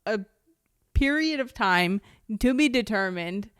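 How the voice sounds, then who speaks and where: A woman's voice: mid-range voice, expressive, takes it slowly, clean tone, dry recording, studio quality. A woman co-hosting a casual podcast, playful and giggly, riffing on her own stories. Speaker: podcast co-host. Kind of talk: casual chat.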